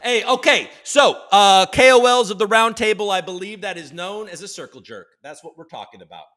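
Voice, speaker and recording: A man hosting a casual livestream chat, energetic and joking, swearing freely as he greets chatters by name. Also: high-pitched, a little fast. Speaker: livestream host.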